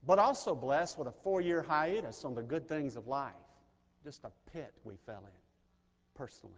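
A middle-aged pastor from Mississippi, preaching an earnest, personal sermon that swells in intensity. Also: male voice, mid-range voice, lively intonation, normal speed, muffled recording. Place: large chapel. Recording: chapel recording with long reverb.

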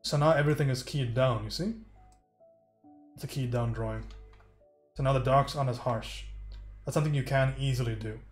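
Brief: casual male livestream painting tutor, mid-pitched, loose and talkative. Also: fairly even intonation, a little fast, pauses often. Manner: chatty, swears, talks to chat. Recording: roomy echo, faint music.

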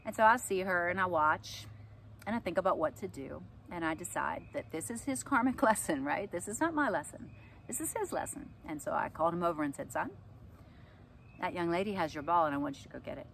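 A middle-aged woman with a lowish voice tells personal stories straight to her viewers. She's animated, jumps into other people's voices and laughs along the way. A faint hum of room noise sits under her. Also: brisk, vocal fry. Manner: animated, acts out quotes with laughs. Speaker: astrology and yoga teacher. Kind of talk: casual storytelling to camera.

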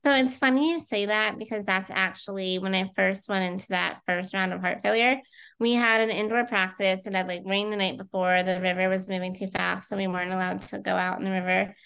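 A woman in her thirties speaks as an interview guest, her voice smooth and resonant at an ordinary middle pitch. She tells her own story in a chatty, flowing way with plenty of fillers. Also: steady tone, fairly quick, a bit bright. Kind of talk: casual conversational interview.

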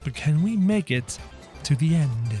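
Hyped up gamer dude narrating his game, high voice that jumps all over, faint music under it. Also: a little slow. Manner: excitable, talks straight to viewers. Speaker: gaming YouTuber. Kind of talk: casual gameplay commentary.

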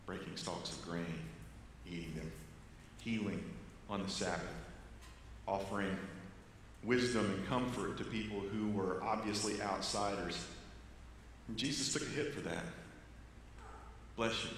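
A man, a pastor, preaching a sermon, earnest and varied, with loud stressed phrases that drop to quiet low ones. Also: a little slow, pauses often, a little hiss or hum. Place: church sanctuary. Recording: echoey church hall with long reverb.

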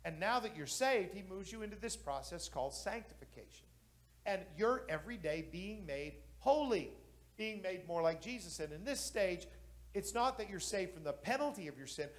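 A male pastor preaching a sermon with passion, building to loud exclamations. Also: high-pitched, lively intonation, moderate pace.

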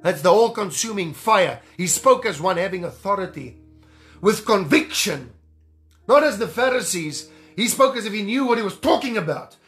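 A man preaching a sermon as an evangelist, fervent and animated, repeating phrases for emphasis. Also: high-pitched, normal speed, faint music behind.

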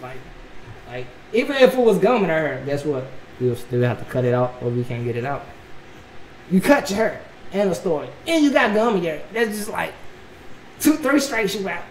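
A man hosting a reaction video, telling a story in a casual, animated, slangy way and saying bro a lot. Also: high-pitched, moderate pace. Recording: echoey room, mic at a distance, faint noise.

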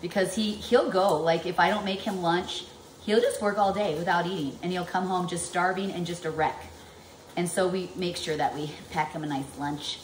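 A woman in her forties chats away in a kitchen vlog, her voice sitting slightly low. She rambles, piles on fillers and jumps between thoughts. The room rings with echo, and a faint household hum sits behind her. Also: normal speed. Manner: rambling and animated, lots of fillers. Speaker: vlogger. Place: home kitchen, canning.

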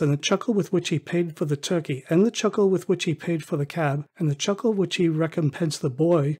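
Man reading an old classic out loud, kinda husky, a bit high, really expressive. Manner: expressive storytelling. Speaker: audiobook narrator. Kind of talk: scripted audiobook narration.

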